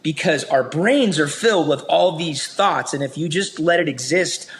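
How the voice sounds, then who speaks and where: A man guesting on a podcast, telling stories in an animated, chatty way. His voice sits a bit high for a man. He leans on casual fillers and laughs readily, and a faint background hiss runs under the recording. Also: normal speed. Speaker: podcast guest, hospitality business owner. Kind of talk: conversational storytelling.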